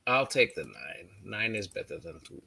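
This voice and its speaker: A man with a bright, sharp voice and a lively, swinging pitch chats as a player in an online tabletop game. He talks in an animated, wry way over a call. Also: normal speed, gravelly, a little hiss or hum. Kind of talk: casual chat at a game table.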